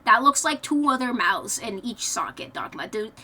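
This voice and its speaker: A woman streamer talks casually with her chat in a high voice. Her tone is bright and animated, full of swearing and frequent laughter. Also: moderate pace, breathy edge. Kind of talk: casual chat reading viewer messages.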